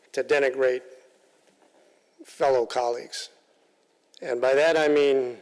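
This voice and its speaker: A male council member giving halting, plain-spoken remarks at a council meeting, often repeating himself. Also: mid-range voice, smooth, in a large hall, rough recording. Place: council chamber.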